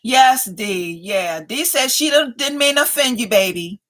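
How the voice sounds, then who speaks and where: Bright, high-voiced woman in her fifties. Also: lively intonation, measured pace. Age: 50s. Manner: chatty, laughs often, teasing. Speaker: live stream host. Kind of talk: casual live chat reading viewer comments.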